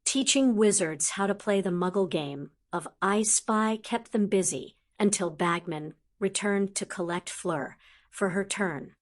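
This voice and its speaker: A woman narrating a fantasy fanfiction audiobook in an even, measured reading voice. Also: mid-range voice.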